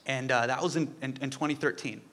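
A man's voice: medium pitch, steady tone, a little fast, fairly bright tone. A young man giving a heartfelt tribute speech, telling a personal story and acting out the quotes.

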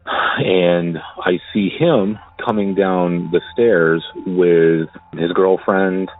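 A man casually telling a personal story, halting and often repeating his words as he goes. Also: deep voice, steady tone. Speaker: caller sharing a personal story. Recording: tinny phone line, dry.

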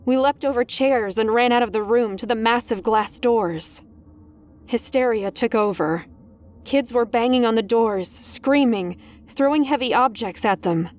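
Slow, tense woman storyteller. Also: on the high side, a little mellow. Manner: tense, dramatic, rising in panic. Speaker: narrator. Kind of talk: first-person story narration.

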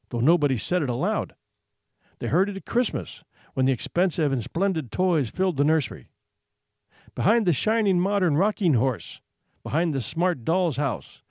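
A man narrating a story in an expressive, measured reading voice. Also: fairly high pitch, no room sound, studio quality. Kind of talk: audiobook narration.

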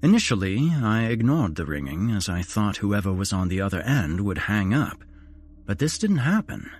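A man hosting a horror podcast, narrating a first-person ghost story in a measured, dramatic way. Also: lowish voice, sing-song, husky.

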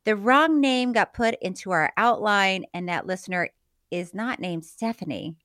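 A woman's voice: mid-range voice, normal speed, fairly bright tone. A middle-aged woman co-hosting a podcast in casual chat, laughing often and reading listener mail aloud. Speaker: podcast co-host.

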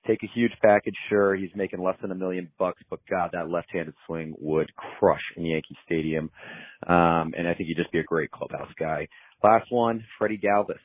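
A man's voice: low-pitched, steady tone, normal speed, no echo. A man calling in to a sports show, upbeat, rattling off a list of trade ideas. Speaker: caller. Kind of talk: phoned-in listener pitch. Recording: tinny phone line.

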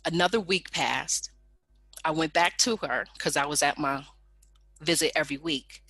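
A woman telling a personal story in a lively storytelling manner, acting out the people in it with raised voices. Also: low voice, moderate pace, no room sound. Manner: animated, acts out quoted people in raised voices.

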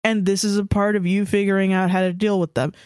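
A woman's voice: mid-range voice, little pitch movement, fast talker, a little mellow, clean tone, no echo, clean studio sound. A woman co-hosting a podcast, telling blunt, profane stories in casual chat. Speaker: podcast co-host.

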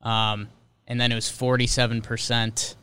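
A man hosting a casual sports podcast, reading off game scores in quick, clipped bursts with loose, offhand commentary in between. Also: medium pitch, flat delivery, pushed and bright, clear, resonant tone. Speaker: podcast host.

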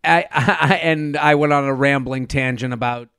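A man co-hosting a podcast in casual chat, animated and rambling, with repeated stammered restarts. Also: medium pitch, normal speed, vocal fry, smooth, dry recording, studio quality. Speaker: podcast co-host. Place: remote recording over a video call.

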